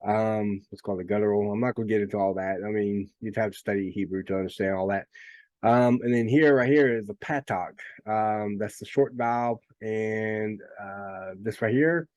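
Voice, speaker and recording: Low-voiced man explaining with many restarts. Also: fairly even intonation, normal speed, a little mellow, no room sound. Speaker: Bible teacher. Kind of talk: informal lecture.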